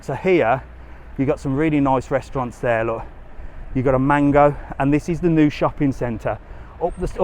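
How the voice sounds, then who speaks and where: A man's voice: medium pitch, darkish tone, a little hiss or hum. A man talks to his viewers on a live walking tour. His tone is chatty and easygoing, and he sounds a little winded. He speaks into a handheld phone outdoors. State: slightly out of breath from walking. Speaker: travel vlogger. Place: outdoors on a busy resort street.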